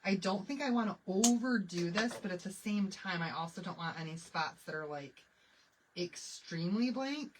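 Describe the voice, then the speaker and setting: A woman's voice: mid-range voice, lively intonation, moderate pace. A woman with a Michigan accent chatting casually while she crafts, thinking aloud and laughing often. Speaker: craft vlogger. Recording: distant mic with faint background noise.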